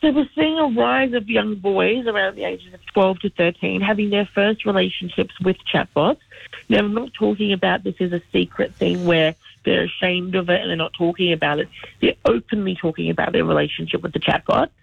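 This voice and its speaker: A man's voice: high voice, steady tone, a little fast, gravelly, slightly rough, no echo. A man calling in as a regular radio contributor, explaining trends fluently and with opinions. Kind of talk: casual radio chat by phone. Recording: phone line.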